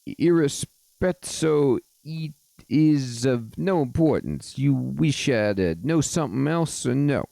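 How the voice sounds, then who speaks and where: A man voicing a scheming, mafia-style male fairy godfather in a game, with an exaggerated mock Italian accent and halting broken English. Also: medium pitch, animated, creaky, dark tone, no echo, pitched above the performer's own voice. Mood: theatrical.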